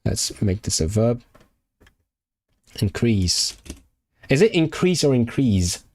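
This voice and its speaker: Sitting indoors at his computer, a Hong Kong man live-streams while going through language flashcards, musing aloud with plenty of fillers and false starts. His fairly low voice is a little mellow, slow-paced, and lively in intonation.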